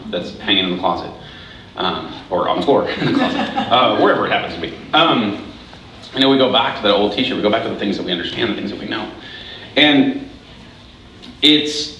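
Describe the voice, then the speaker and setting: A man's voice: fairly low pitch, fairly bright tone, far from the mic. A man giving a casual, conversational sermon as pastor, often restarting and checking in with "right?" asides. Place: church hall. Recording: very echoey hall, voice from afar, faint hiss.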